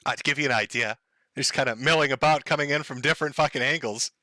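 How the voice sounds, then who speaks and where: A man's voice: mid-range voice, fast talker, pushed and bright, no echo, studio quality. A man hosting a live stream, giving sarcastic, mocking commentary and laughing often.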